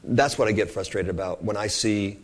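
A man's voice: fairly low pitch, fairly quick. A man preaching an informal sermon, earnest and rambling, often repeating words as he goes.

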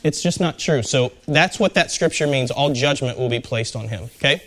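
With a medium-pitched, slightly bright voice at moderate pace, a man chats conversationally while teaching a small-group Bible study. He asks the group questions and leans on fillers often.

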